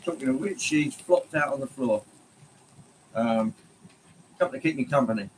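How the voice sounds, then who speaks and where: Relaxed male streamer, friendly and rambling, middle pitch, lots of ums and restarts. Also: normal speed, a little hiss or hum, low-quality recording. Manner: rambling and friendly, greeting viewers by name, many ums. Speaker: livestream host. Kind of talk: casual livestream chat. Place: home hobby room, indoors.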